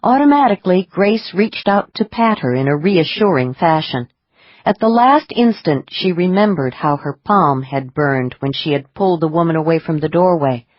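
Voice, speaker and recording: A woman reading audiobook narration in a measured, expressive way. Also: fairly low pitch, dry recording, dull audio.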